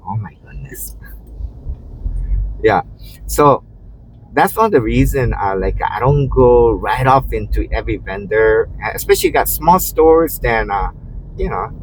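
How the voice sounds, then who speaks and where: A man's voice: lowish voice, poor audio. A man who drives rideshare, chatting while driving, rambling with lots of "you know" and restarts. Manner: acts out quotes in a raised voice. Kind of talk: casual storytelling while driving. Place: inside a moving car. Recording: faint car road noise.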